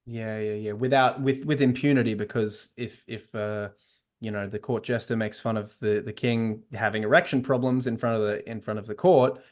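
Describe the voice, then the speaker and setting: A man's voice: lowish voice, fairly even intonation, normal speed, a little mellow. A man hosting a casual writing podcast, talking in a hesitant way with many restarts. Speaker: podcast host and writer. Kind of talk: casual chat.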